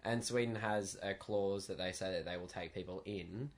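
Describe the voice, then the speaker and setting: A man's voice: low voice, steady tone, normal speed. A man in a casual podcast chat who hesitates and searches for his words. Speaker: podcast co-host.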